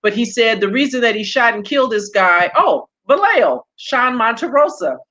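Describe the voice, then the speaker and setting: A woman speaks with blunt, emphatic candor as a former police sergeant hosting her own show. She swears freely. Her voice is bright and forceful, and the audio sounds dull and lo-fi. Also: on the high side, animated, moderate pace. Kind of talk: candid conversational commentary.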